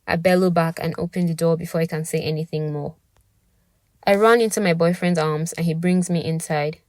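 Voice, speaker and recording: A woman's voice: on the low side, fairly even intonation, a little fast, dry recording, studio quality. A young woman narrating a first-person story in a dramatic, intimate way. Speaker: podcast narrator.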